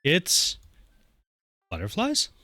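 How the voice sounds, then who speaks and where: A man's voice: on the high side, drawn-out words, dry recording, clean studio sound. A man hosting a playthrough, reading the dialogue of a dad dating game with jokey asides. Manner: animated, jokey, voices the player dad with warmth. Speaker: let's play host.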